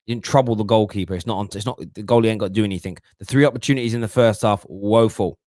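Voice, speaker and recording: A man hosting a live football fan show, reading viewer comments and answering them in animated, slangy casual chat. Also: lowish voice, racing, no echo, studio quality. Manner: animated, mocking put-on voices, London slang like "bruv". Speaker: football talk show host.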